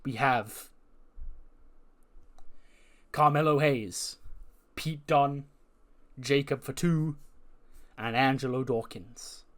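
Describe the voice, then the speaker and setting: A man voicing a male wrestling general manager who announces matches in a formal, measured way. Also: mid-range voice.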